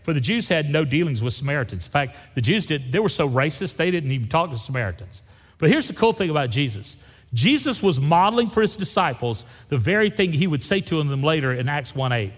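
Man, animated sermon voice, long hall echo, scripture reading with acted voices. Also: on the high side, a little fast. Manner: lively preaching, acts out Bible voices, casual asides. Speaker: pastor.

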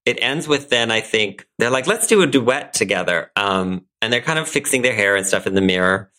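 A man co-hosting a podcast, recapping a sitcom episode in casual, animated chat and laughing often. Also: on the low side, fairly quick. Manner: animated storytelling, frequent laughs. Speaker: podcast co-host.

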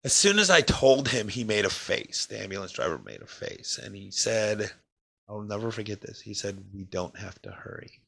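A man with a fairly low voice full of gravelly fry and a bright, forceful edge tells his own story in a personal talk. He speaks emotionally, pausing and restarting, and his voice drops quiet in the heaviest moments. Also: big pitch swings.

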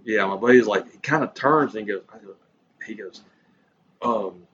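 A man's voice: lowish voice, moderate pace, a crowd in the background. Rambling profane man telling a story. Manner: rambling, profane, acts out dialogue. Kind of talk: casual storytelling chat. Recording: slightly muffled with faint room noise.

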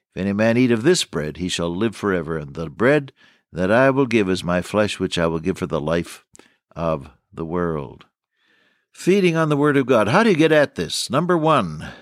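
A man's voice: low-pitched, dry recording, studio quality. An older man delivering a folksy radio sermon, greeting listeners and quoting scripture. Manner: folksy, warm pastoral address with scripture quotes. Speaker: radio preacher.

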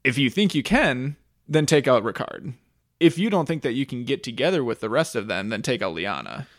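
A man co-hosting a casual podcast, weighing game strategy in a relaxed, conversational way. His middle-pitched voice is recorded dry and close, with no room sound. He often repeats words as he restarts his sentences. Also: brisk, dry recording. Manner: conversational, stammering restarts, laughs easily. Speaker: podcast co-host. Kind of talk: casual reality-show discussion.

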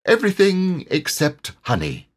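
A bouncy, boastful tiger speaks in a raised, lively voice, cheerful and sure of himself, as a man acts him out. It is a husky-toned storybook voice with lots of swing in the pitch. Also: measured pace, full character voice.

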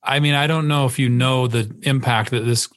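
A man's voice: mid-range voice, fairly even intonation, moderate pace, fairly bright tone. A man hosting a podcast, reacting with emotion and emphatic interjections. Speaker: podcast host. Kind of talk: casual podcast chat.

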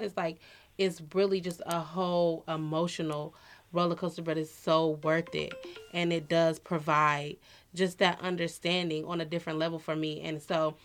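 A woman in her thirties talking in a relaxed, heartfelt way on a podcast. She speaks earnestly and often fills her pauses with "you know.". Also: lowish voice. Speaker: podcast co-host. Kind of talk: casual personal chat.

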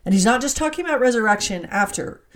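A woman teaching from the Bible in an animated, excitable way, laughing as she reads scripture aloud. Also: on the high side, fast talker.

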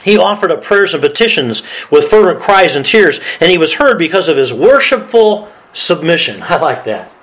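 A man's voice: a little high, sing-song, normal speed, few pauses, fairly bright tone, rough recording. A man preaching as a pastor, reading scripture aloud and laughing often. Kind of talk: sermon.

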